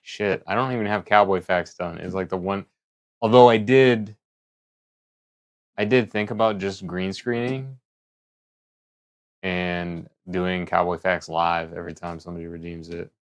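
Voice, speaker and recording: A man's voice: sits low, fairly even intonation, a little slow, long pauses. A man streaming live who rambles casually and thinks aloud as he talks. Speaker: livestreamer.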